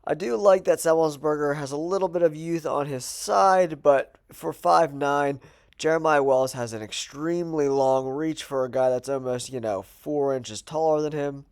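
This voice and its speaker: A man's voice: fairly high pitch, moderate pace, darkish tone. Stuffy-nosed man talking fight bets. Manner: chatty, thinking aloud with fillers. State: nasal from a cold. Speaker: host. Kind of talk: casual betting predictions monologue.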